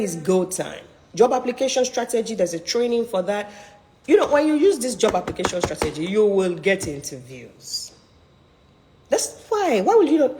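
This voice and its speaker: A middle-aged woman coaching on careers, talking in an emphatic, persuasive, almost preacher-like way. Her pitch sits fairly high and swoops widely. Her voice rings out with a long, echoing reverb. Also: a little mellow. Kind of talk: live online coaching talk.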